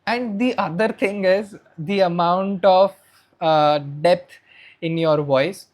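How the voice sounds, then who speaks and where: A young man with an Indian English accent giving a spoken tutorial on presentation skills, shifting between soft and loud delivery as he demonstrates voice modulation. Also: high-pitched, slow. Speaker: presentation coach.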